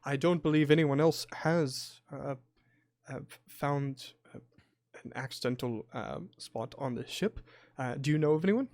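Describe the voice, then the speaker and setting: A man's voice: mid-range voice, a little slow, darkish tone, no echo, lightly acted. A man voicing a formal, apologetic airship captain, speaking with many hesitations. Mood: reassuring. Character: apologetic middle-aged male airship captain. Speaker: game master.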